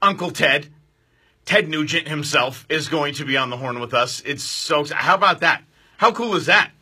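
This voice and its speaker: A man hosting a live outdoor radio show, excitable and loud, joking and bantering with his studio crew. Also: on the high side, moderate pace, husky.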